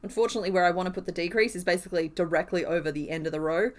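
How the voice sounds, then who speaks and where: A woman's voice: fairly low pitch, very fast. A woman chatting casually on a live stream while she crochets, thinking aloud and laughing often.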